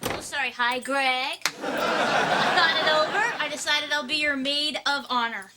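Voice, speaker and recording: An actress playing a deadpan, blunt best friend in a sitcom, with studio audience laughter behind. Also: female voice, sits high, a little slow, over a noisy crowd, very noisy.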